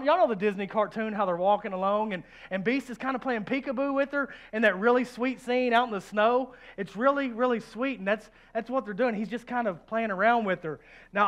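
High-voiced animated male preacher. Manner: animated, joking, swings from hushed to loud; acts out quoted voices. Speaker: pastor. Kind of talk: sermon.

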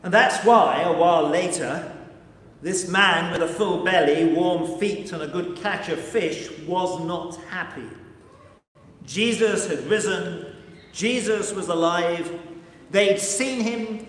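Male pastor, slow dramatic storyteller, slightly high voice, echoey church with long reverb. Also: a bit bright, a little hiss or hum. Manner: slow, vivid, measured storytelling. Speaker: team rector preaching.

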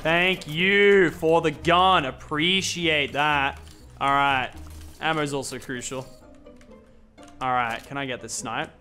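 A young man giving excited gameplay commentary, laughing and chatting to opponents. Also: on the high side, slow pace, faint music behind. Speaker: gaming YouTuber.

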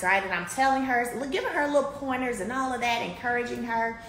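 A woman telling a chatty, animated story to her viewers from a beauty salon, filmed on a handheld phone. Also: on the high side, fast, hardly any pauses. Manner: animated, addresses viewers as y'all, swings loud and soft. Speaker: vlogger. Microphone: phone camera held by speaker. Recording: echoey room with faint ambience.

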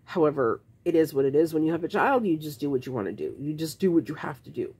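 A woman's voice: sits low, lively intonation, fast, darkish tone, slightly rough. A woman vlogging to camera, frankly telling her own story in a casual, exasperated way, rambling with restarts.

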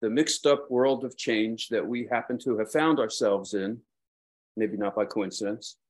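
A man's voice: lowish voice, measured pace. A man with a Brooklyn accent giving a dharma talk as a Buddhist teacher, rambling and self-deprecating, with frequent hesitations.

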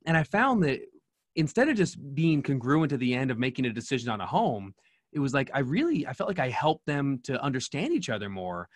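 A man's voice: mid-range voice, big pitch swings, a little fast, no echo. A middle-aged man telling an earnest story as a podcast guest, with many restarts. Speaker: podcast guest, speaker and coach. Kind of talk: storytelling in interview.

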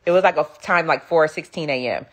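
Woman preacher, low voice, animated storytelling, middle-aged, sermon testimony. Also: fast talker.

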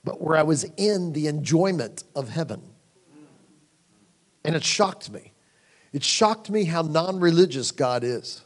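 A man preaching at a conference, slightly higher-pitched than most men, speaking in a loose, storytelling way. He moves between lively, raised passages and hushed, low asides when he quotes himself. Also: unhurried. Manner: storytelling, conversational, animated; drops to hushed tones for quoted moments. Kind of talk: sermon. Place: conference hall.

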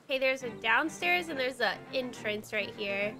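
A woman's voice: on the high side, expressive, normal speed. A young woman streaming a game and chatting casually with her viewers, bubbly and giggly, with lots of "like" fillers. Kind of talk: casual chat while livestreaming a game. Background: faint game music.

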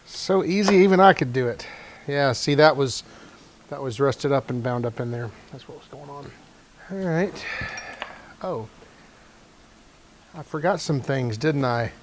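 A man in his own garage talks through a repair as he goes, half to himself and half to his viewers. His voice sits at an ordinary middle pitch, with dry, self-mocking jokes tossed in between tasks. A faint background hiss is there the whole time. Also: animated, unhurried, pauses often. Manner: thinking aloud, self-deprecating, wry asides. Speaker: channel host repairing a motor scooter. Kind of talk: casual narration while working. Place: home garage workshop.

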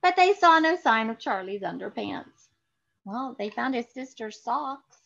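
A woman children's librarian reading picture books aloud for a virtual story time and leading an action song, animated and exclaiming to children. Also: fairly high pitch, measured pace, creaky, dull audio.

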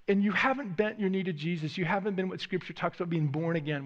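A man's voice: high voice, vocal fry. A male pastor preaching a sermon in a church, earnest, often repeating words as he voices heartfelt prayers. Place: church sanctuary.

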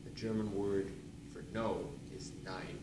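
A young man with a low voice gives casual instructions, stopping often with ums before quick bursts of speech. He is far from the mic in an echoey room with clear noise behind him. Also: level tone. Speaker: student presenter.

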